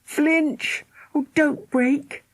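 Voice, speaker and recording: A woman's voice: high voice, fairly even intonation, very slow, dry recording, voice pushed up. A woman reading an audiobook, voicing a spirited young girl who fusses over her little brother with exclamations and coaxing. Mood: anxious. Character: spirited young girl, bossy big sister. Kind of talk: audiobook character voice.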